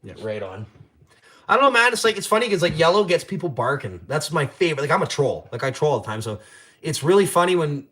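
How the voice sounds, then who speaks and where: A young Canadian man hosts a casual livestream from his home garage, rambling, swearing and trash-talking as he reads the chat. His voice is on the high side and a bit bright, very animated, and he talks fast.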